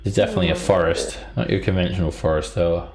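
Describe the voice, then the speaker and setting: A man narrating as game master of a tabletop game, describing the scene in an unhurried way with fillers. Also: low voice, creaky, a little mellow, rough recording.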